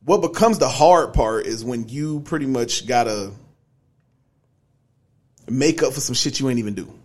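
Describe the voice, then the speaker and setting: A man's voice: mid-range voice, animated, normal speed. A young man on a podcast, casually telling a long personal story, laid-back, with lots of fillers. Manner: laid-back, many fillers like "you know what I'm saying". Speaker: podcast co-host.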